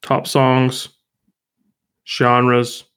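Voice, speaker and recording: A man's voice: medium pitch, completely flat delivery, very slow, a bit bright, clean tone. A man hosting a podcast in casual chat, with wry, playful banter. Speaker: podcast host.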